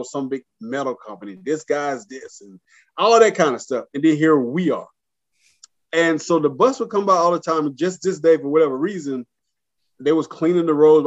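A man telling a story in relaxed conversation, his voice a touch high for a man. He acts out the voices of the people he quotes. The sound is dull and lo-fi, like a remote guest feed. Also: a little fast. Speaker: guest, military veteran and artist. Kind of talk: casual storytelling.

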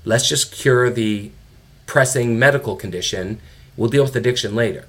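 A middle-aged man, a father, telling a candid story in a conversation, animated, now and then swearing and acting out the people he quotes. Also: medium pitch, moderate pace. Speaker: guest, father of an addicted son.

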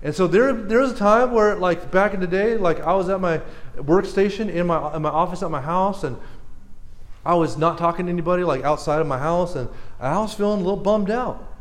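A man preaching a sermon in a casual, animated way, joking and calling on people in the room. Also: high voice, fairly quick, roomy sound. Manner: casual, animated, laughs often, talks to audience members. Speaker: pastor.

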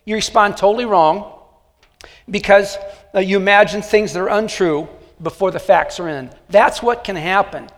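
A man's voice: sits high, moderate pace. A man preaching a sermon to a nearly empty church and an online audience, speaking in a conversational, joking way with many fillers. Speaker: pastor. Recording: long hall reverb.

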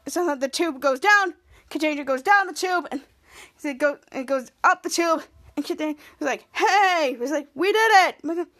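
High-voiced woman recapping a show. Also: a bit bright. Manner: halting, repetitive retelling with many restarts and "cut to". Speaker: podcast host. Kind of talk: casual episode recap.

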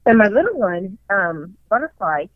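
A woman telling a story in casual chat, profane and excitable, acting out her own panicked lines. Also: mid-range voice, normal speed, no room sound. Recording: dull lo-fi dry recording.

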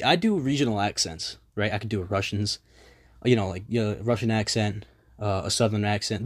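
A young man rambling in a casual solo monologue, self-deprecating and swearing freely, his voice a little strained. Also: on the low side.

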